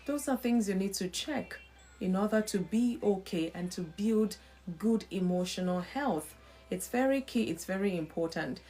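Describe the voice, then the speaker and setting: A woman hosting a live stream gives an earnest, faith-based teaching talk at a middling pitch. She drives each point home with rhetorical questions and repetition. She pauses now and then to thank viewers by name. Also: expressive, dark tone.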